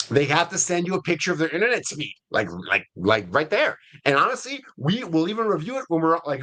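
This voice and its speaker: Chatty man with a fairly high voice. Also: sharp tone. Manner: conversational, checks in with frequent "right?" and "okay?". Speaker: guest, CEO of an ISA staffing firm. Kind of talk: webinar interview, casual explaining.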